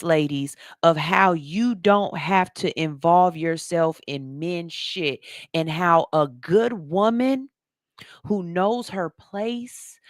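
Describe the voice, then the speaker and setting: A woman hosting a radio show, telling a story to her listeners in a casual, animated way and calling them "y'all". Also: fairly low pitch, no echo, clean studio sound. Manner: animated, talks straight to the audience as "y'all"; slips into soft, hushed voices when quoting people.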